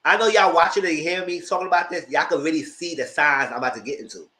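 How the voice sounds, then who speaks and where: A man giving a chatty, animated recap of a TV show, talking straight to his viewers. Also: a little high, fast. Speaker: vlogger recapping a reality show. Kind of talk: casual commentary. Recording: roomy echo.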